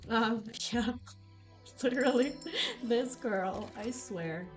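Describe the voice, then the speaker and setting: A young woman chatting casually with live viewers, telling stories with animated, loose delivery and casual swearing. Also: on the high side, takes it slowly, soft background music. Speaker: casino streamer.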